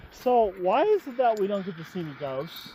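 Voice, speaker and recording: A man's voice: high voice, sing-song, fairly quick, heavy background noise. A man chatting casually on an outing, rambling and trailing off mid-thought. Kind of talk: casual chat while exploring.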